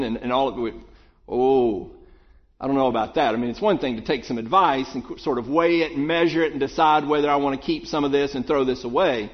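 A man's voice: medium pitch, fairly quick, lo-fi sound. A man preaching a sermon in a conversational, thoughtful way, often restarting and repeating words as he works through a thought.

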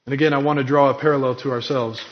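A man's voice: medium pitch, steady tone, very fast, lo-fi sound. A man preaching a sermon in an earnest, emphatic way, acting out quoted lines with drama. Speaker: pastor.

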